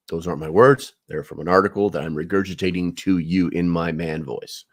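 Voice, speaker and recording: A man's voice: low-pitched, fairly even intonation, normal speed, few pauses, no echo, studio quality. A man hosting a prepper channel, rambling through the news with sarcastic asides and lots of filler words. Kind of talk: casual news commentary.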